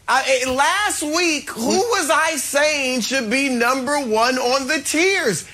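Male panel analyst, high bright voice, very animated, gloating and teasing. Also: slow pace, hardly any pauses. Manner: gloating, teasing, dramatic emphasis. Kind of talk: studio sports debate.

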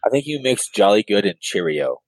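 A man with a very low voice joking around in a casual podcast, teasing the others with deadpan nonsense. He sounds dry and close to the mic. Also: fairly quick, dry recording, poor audio. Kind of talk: casual chat.

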